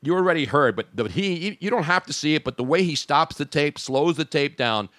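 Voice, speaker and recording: A man hosting a sports talk show, excitably breaking into the news and calling a goal. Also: on the high side, brisk, dry recording, clean studio sound. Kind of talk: live sports talk stream.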